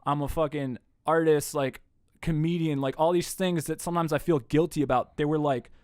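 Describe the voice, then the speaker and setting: A man with a fairly high voice tells a story as a podcast guest. He talks in an animated, casual way and swears freely. The sound is close and dry, with almost no room echo. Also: normal speed, clear, resonant tone. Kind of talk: casual conversation. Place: indoor room.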